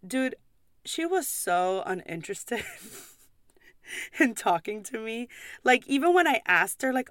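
A young woman from the United States who works as a pub server, ranting in a casual vlog with blunt swearing and quick apologies. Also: medium pitch, lively intonation, a bit bright, no echo, clean studio sound.

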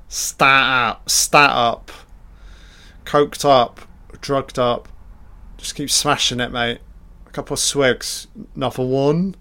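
A man talks through a film in a loose, unhurried commentary. He swears constantly and mocks what he sees with dry sarcasm. His pitch sits in an ordinary middle range. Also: steady tone, bright, forceful tone. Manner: crude, sardonic, swears freely; mimics characters in mock voices. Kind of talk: casual running film commentary.

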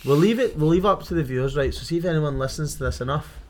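A man's voice: on the high side, expressive, rapid-fire, slight background noise. A young Scottish man hosting a podcast, chatting casually with a friend in sweary, laughing banter. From Scotland. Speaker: podcast host. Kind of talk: casual chat.

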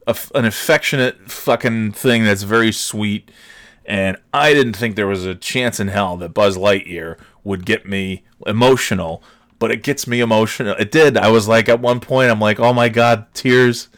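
A man's voice: lowish voice, fairly bright tone. A man in his forties hosting a casual solo talk show, ranting and swearing with sarcastic asides. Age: 40s. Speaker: podcast host.

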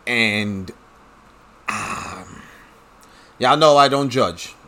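A man's voice: on the low side, drawn-out words, pushed and bright, a little hiss or hum. Blunt, profane man ranting. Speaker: commentator. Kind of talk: casual ranting monologue.

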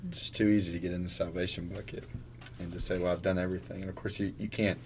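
Earnest low-voiced male pastor. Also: level tone, fast, a little hiss or hum. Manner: earnest, stumbles and repeats words while thinking aloud. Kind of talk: casual podcast conversation.

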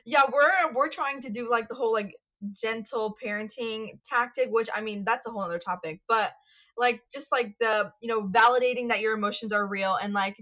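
Chatty mom, slightly muffled audio. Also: female voice, a little high, a little fast, sharp tone. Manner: chatty, loose, with lots of fillers and swearing. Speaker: podcast co-host. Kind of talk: casual chat. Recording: dull lo-fi sound.

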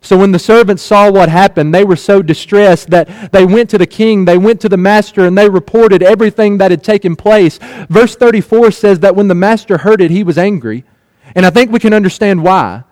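A man's voice: sits high, a little mellow, no echo. A man preaching a sermon, retelling a parable with earnest rhetorical questions and repeated phrases.

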